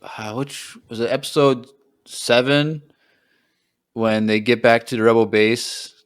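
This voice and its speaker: A man's voice: fairly even intonation, a little slow, clear, resonant tone. A young man co-hosting a podcast, chatting casually and rambling, acting out film quotes. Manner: rambling, acts out quotes with a jump in pitch. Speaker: podcast co-host. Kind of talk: casual chat.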